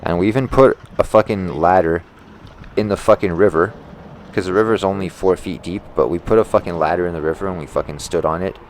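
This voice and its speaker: A man's voice: deep voice, fairly even intonation, brisk, slight background noise. A man who works in tree service, telling a profane, exasperated and rambling story about a bad customer. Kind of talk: ranting storytime vlog.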